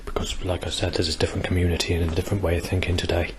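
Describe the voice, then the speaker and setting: A vlogger in his forties records a video diary outdoors near a busy bus station, with noise in the background. His low voice barely moves in pitch, and he talks very fast while rambling hesitantly, full of ums and restarts.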